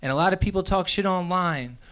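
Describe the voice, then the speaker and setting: Animated young stand-up comedian. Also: male voice, sits high, a little fast, clear, resonant tone. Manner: animated storytelling, acts out voices, loud outbursts. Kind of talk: stand-up set. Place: comedy club stage.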